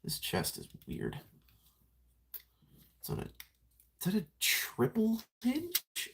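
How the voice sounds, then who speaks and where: A man's voice: high voice, huge pitch swings, slow, creaky, a bit bright, a little hiss or hum. A young man chatting casually on a live stream while transforming a toy figure, rambling, self-mocking and greeting viewers by name.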